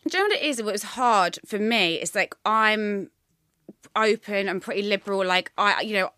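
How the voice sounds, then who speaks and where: A woman's voice: medium pitch, normal speed, sharp tone, dry recording, studio quality. A British woman as a podcast guest, talking in a chatty, rambling way and saying "like" a lot. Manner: chatty, rambling, heavy use of "like". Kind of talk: casual interview chat.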